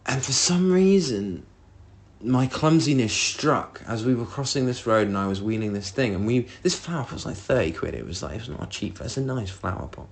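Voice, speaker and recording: Guy rambling thru a story on his podcast, swears a ton, acts out his own rants, mid pitched voice. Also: lively intonation, moderate pace. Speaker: podcast host. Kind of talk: solo storytelling monologue.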